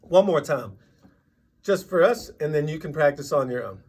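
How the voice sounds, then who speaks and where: A man teaching a drum lesson, patiently explaining and counting sixteenth-note rhythms out loud. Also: fairly high pitch, expressive, normal speed.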